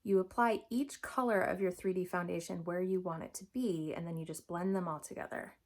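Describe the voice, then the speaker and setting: A woman's voice: lowish voice, fairly even intonation, a little fast. A young adult woman talking through a makeup tutorial in a chatty, upbeat, instructive way. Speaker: makeup vlogger.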